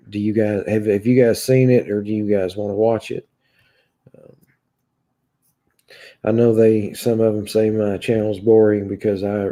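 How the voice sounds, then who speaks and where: A man with a Kentucky accent hosting a livestream, reading viewers' comments aloud in a halting, casual way full of filler sounds and restarts. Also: fairly low pitch, creaky, dark tone. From Kentucky, USA. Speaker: livestream host reading chat.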